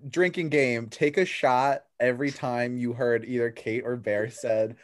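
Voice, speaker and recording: A man's voice: mid-range voice, fairly even intonation, a little slow. Rambling young man on a podcast. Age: 20s. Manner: rambling, many "like"s. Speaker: podcast co-host. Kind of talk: casual chat.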